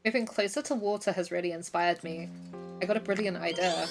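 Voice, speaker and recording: A woman reading the lines of a sleepy male Slowpoke aloud from a game, in a plain reading voice over game music. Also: on the low side, steady tone, close to an everyday voice. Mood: earnest.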